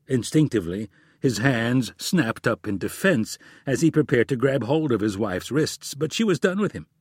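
A male audiobook narrator reads in a steady, measured way, his voice husky and recorded dry and close. His pitch sits in a plain middle range for a man. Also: dry recording. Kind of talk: scripted narration.

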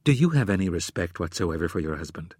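Audiobook: male narrator's take on a stern, controlled female intelligence chief, husky and low. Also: big pitch swings, fast, a little mellow, no room sound, studio quality, full character voice. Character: cool commanding woman intelligence chief.

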